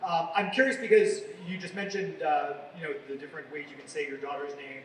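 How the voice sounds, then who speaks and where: A man's voice: fairly high pitch, fairly even intonation, a little fast, a bit bright, a little hiss or hum. A man moderating a convention panel, asking the guest questions in a friendly way. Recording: echoey hall recorded from far off.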